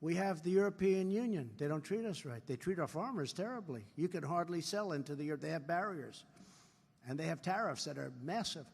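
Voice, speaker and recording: A man in his seventies speaks fairly quickly and with animation, his fairly high voice creaky and slightly rough. In a large convention hall, where the live recording picks up reverb, he gives a rambling political speech laced with repetition and bragging asides.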